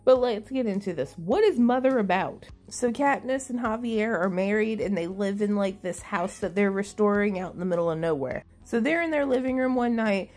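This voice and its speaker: A woman's voice: mid-range voice, normal speed, few pauses, darkish tone. A woman recapping a movie in a casual, chatty way, sarcastic and full of swearing.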